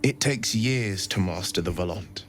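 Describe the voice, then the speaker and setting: A man's voice: deep voice, measured pace, fairly bright tone, faint music behind. A man voicing a courteous, romantic young warlock hero in a video game. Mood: gallant, tender.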